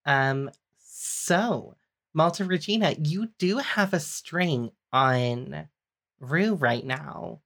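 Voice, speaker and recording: A woman narrating as game master, with a low voice and an unhurried, deliberate pace. She lays out the rules and the scene patiently, in a measured way. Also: fairly bright tone.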